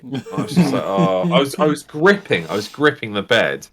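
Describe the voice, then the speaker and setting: Brief: young man, casual storyteller, animated, swears freely. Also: medium pitch, moderate pace. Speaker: game master host. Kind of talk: casual chat, storytelling anecdote.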